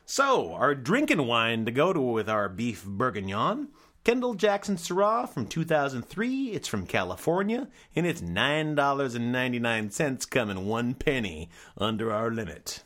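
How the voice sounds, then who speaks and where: A man's voice: mid-range voice, very animated, moderate pace, fairly bright tone. A man casually reviewing cheap wines, with a dry, wry and sarcastic manner. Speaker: wine reviewer.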